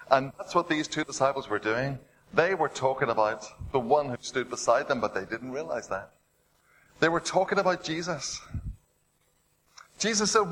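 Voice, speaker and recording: A man preaching a sermon. He retells stories with rising drama, asks the listeners rhetorical questions and drops to a hush on heavy points. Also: mid-range voice, fairly quick, a little hiss or hum, poor audio.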